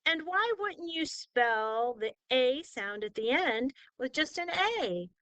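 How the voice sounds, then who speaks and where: A woman's voice: high voice, sing-song, takes it slowly, fairly bright tone, smooth, no echo, highs cut off. A woman tutoring a student in spelling, patiently sounding out words syllable by syllable and praising answers. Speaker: spelling teacher. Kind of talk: slow, patient tutoring lesson.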